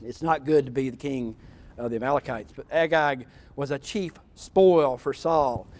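Animated high-voiced preacher. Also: male voice. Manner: animated, wry, acting out scripture. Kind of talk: sermon.

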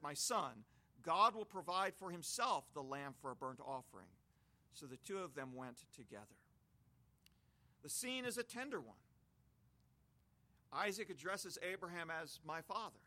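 A man's voice: high-pitched, pushed and bright. A man preaching an expository sermon, reading scripture aloud and explaining it with homely images.

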